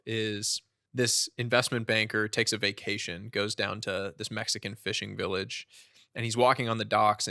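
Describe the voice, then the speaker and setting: A man in his thirties speaking as an author guest on a podcast, telling stories earnestly and with animation. His voice is bright and forceful, and the recording is dry and close. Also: fairly low pitch, dry recording. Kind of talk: conversational storytelling.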